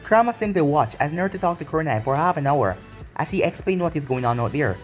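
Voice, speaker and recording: Brief: male story reader, fairly high voice, faint music underneath. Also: big pitch swings, fast talker. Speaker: story narrator. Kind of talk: reading fan fiction aloud.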